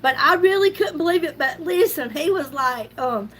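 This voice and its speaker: Animated and fairly bright, this middle-aged woman's high voice moves at normal speed as she hosts a beauty livestream. Amid some hiss or hum, she chats casually about makeup, laughing often and greeting viewers by name.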